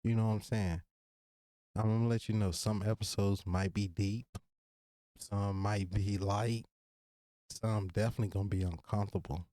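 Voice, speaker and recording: A man in his thirties from Virginia with a Virginia accent and casual slang, hosting a solo podcast and talking straight to his listeners in an earnest, relaxed way. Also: fairly low pitch, normal speed, no room sound. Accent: Virginia, Southern US. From Virginia, USA. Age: 30s. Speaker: podcast host.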